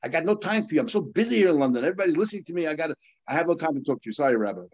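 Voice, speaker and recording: A man voicing the evil inclination as a male tempter spirit, speaking a little higher than his usual voice, on a slightly dull recording. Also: very animated, fast, a little mellow, husky, heavily acted. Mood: hurried. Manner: complaining and boastful in turns.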